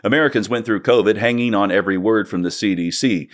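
A man reading a scripted essay aloud in a measured, earnest way. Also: lowish voice. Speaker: narrator.

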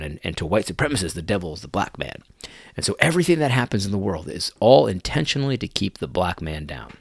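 A low-voiced man with a gravelly edge comments on a video clip, mocking what he hears. His pitch swings widely as he jumps between disbelief and sarcasm, and he often restarts his sentences. The recording is dry and close. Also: big pitch swings, fairly quick, no room sound. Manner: incredulous, mocking, many restarts.

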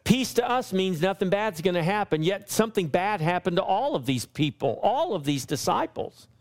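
A man preaching a sermon as pastor, pressing his points with repeated lines and slowing down when he quotes scripture. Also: high-pitched, big pitch swings.

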